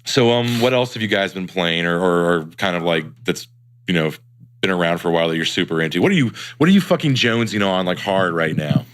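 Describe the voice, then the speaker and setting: A young man with a low voice leads the chat on a gaming podcast. He talks loosely, full of "like" and offhand swearing. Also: quick pace, fairly bright tone. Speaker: podcast co-host. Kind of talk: casual chat.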